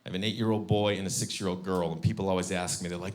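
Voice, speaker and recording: A man in his thirties doing a stand-up comedy set on stage, telling animated stories and breaking into high squeaky voices for his kids. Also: racing. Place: comedy stage before a live audience.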